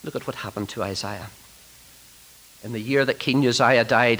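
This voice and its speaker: A man preaching a sermon to trainee ministers, swinging from loud emphatic declarations to hushed, near-whispered lines. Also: mid-range voice, moderate pace, poor audio.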